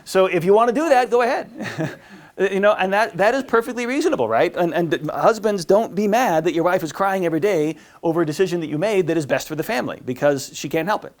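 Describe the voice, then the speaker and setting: A man's voice: high voice, expressive, quick pace. A man giving a marriage class as a priest, talking informally with lots of fillers and restarts and acting out the voices he quotes. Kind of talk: informal teaching talk.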